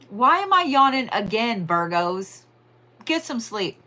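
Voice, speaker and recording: A woman's voice: on the high side, big pitch swings, unhurried, sharp tone. A woman giving a casual weekly horoscope and tarot reading in a chatty, profane way, stretching words for emphasis. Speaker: tarot and astrology reader.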